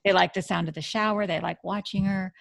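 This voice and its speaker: A woman's voice: mid-range voice, steady tone, brisk, vocal fry, no room sound, clean studio sound. A woman being interviewed as a dog communicator, explaining earnestly and often restarting her sentences. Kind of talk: radio interview conversation.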